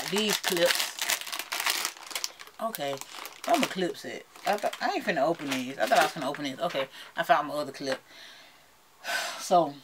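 A woman's voice: sits low, background noise. Woman vlogger, Southern accent, chatty and playful, talks straight to her viewers. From United States. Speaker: beauty vlogger. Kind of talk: casual chat to camera.

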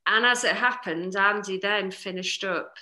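A woman with a North East English accent, a novelist chatting casually in an interview, animated and full of restarts. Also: mid-range voice, normal speed. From North East England. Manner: animated, many restarts and "you know"s. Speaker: novelist guest.

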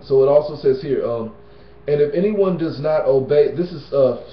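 A man's voice: on the high side, animated, normal speed, a little hiss or hum. Slangy man teaching scripture, echoey room. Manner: slangy and conversational, often tags "you know what I'm saying" and "man". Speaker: Bible teacher. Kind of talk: casual Bible teaching. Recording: roomy, dull lo-fi sound.

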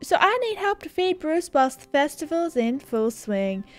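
A woman's voice: high voice, sing-song, normal speed, no room sound, pitched above the performer's own voice. A woman putting on a breezy surfer dude. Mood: pleading. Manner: breezy surfer slang, upbeat. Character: laid-back young male surfer dude.

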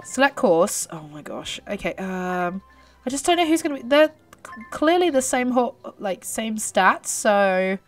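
British girl playing a horse game, voice jumps all over, gets loud cheering her horse on, a bit of game music under it. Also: on the high side, unhurried. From Britain. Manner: excitable, exclaims and urges her horse on. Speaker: gaming YouTuber. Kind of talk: live gameplay commentary.

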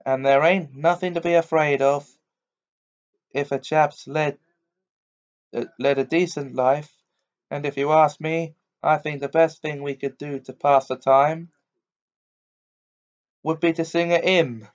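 A man reading aloud voices a kind, steady cabman with a firm, hearty way of talking. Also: on the high side, a little slow, pauses often, close to an everyday voice. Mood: steady reassuring. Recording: dull lo-fi recording.

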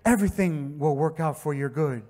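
A pastor with a Miami accent preaching a sermon, telling stories conversationally and rising to impassioned shouts. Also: male voice, on the high side, normal speed. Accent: Miami English. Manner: conversational storytelling with acted quotes. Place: church sanctuary.

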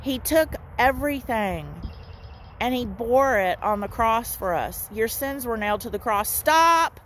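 A woman street preacher giving an informal, animated sermon straight to camera, with playful asides to her listeners. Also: fairly high pitch, a little slow, a little hiss or hum.

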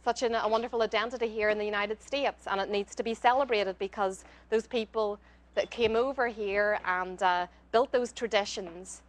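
A woman's voice: medium pitch, fairly even intonation, moderate pace. A woman with an Irish accent, a cookbook author and guest on a cooking class, talking earnestly in a casual way with frequent restarts. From Ireland.

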